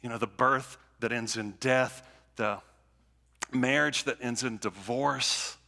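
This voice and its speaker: Slow and deliberate, this male pastor has a mid-range voice that sounds creaky, pushed and bright. He gives a conversational sermon in a church sanctuary, repeating phrases and starting over as he builds points, heard through long hall reverb.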